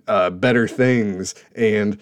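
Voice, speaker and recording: A man's voice: on the low side, slow pace, clean tone. A young adult man hosting a casual show, rambling sarcastically about television and laughing at his own jokes. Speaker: podcast host reviewing TV shows. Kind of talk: casual opinionated chat.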